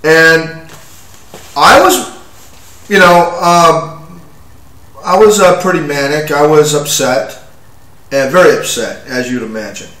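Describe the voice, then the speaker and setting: A man in his forties telling his own story in an agitated, halting way, with many restarts and fillers. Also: fairly high pitch, a bit bright, roomy sound, recorded from a distance, poor audio. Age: 40s. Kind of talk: rambling first-person account.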